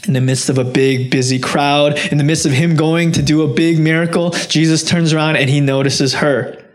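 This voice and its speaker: A man preaching a sermon, earnest and direct, rising to impassioned peaks and dropping low and soft when quoting. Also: steady tone, moderate pace. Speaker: pastor.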